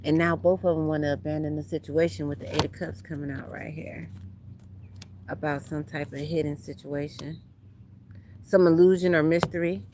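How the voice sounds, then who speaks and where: A woman's voice: low voice, fairly even intonation, normal speed, noisy background. A woman, doing a casual livestream tarot reading outdoors at a beach, talking bluntly and profanely to her viewers. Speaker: tarot reader.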